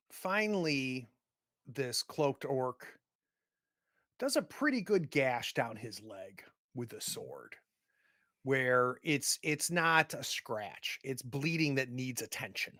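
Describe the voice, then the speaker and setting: A man narrating slowly and deliberately as game master of a tabletop game. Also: mid-range voice, sharp tone, no echo, clean studio sound.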